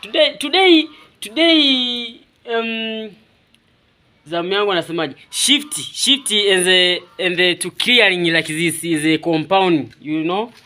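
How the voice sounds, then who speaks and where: A man with a Swahili accent chatting casually in halting English, repeating words and laughing often. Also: sits high, bright, forceful tone. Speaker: vlogger. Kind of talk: casual chat in broken English.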